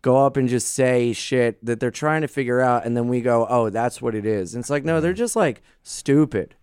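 Smooth-voiced man telling stories. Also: mid-range voice, moderate pace, no echo, studio quality. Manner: profane, animated storytelling with mimicked voices. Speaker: comedian podcast co-host. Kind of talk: casual chat.

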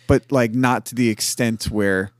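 A man's voice: mid-range voice, steady tone, unhurried, no echo, clean studio sound. Hesitant male podcast co-host. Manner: hesitant, hedging with "like". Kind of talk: casual chat about a cartoon.

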